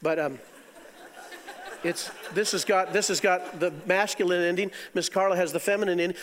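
A middle-aged man preaching a sermon, animated, swinging from loud exclamations to quiet asides with chuckles. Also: high voice, fairly quick. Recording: long hall reverb.

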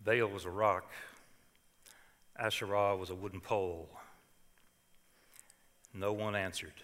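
Older male preacher, bright and dramatic. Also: low voice, steady tone, slow, big-room sound. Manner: dramatic scripture reading, swings from hushed to loud. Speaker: pastor. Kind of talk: sermon.

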